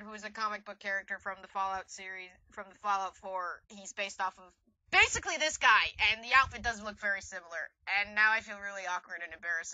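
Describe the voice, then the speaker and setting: Chatty woman rambling over her slideshow, super bright voice, kinda high. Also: dry recording, poor audio. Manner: rambling, giggly, self-deprecating. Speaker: vlogger. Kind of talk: casual slideshow narration.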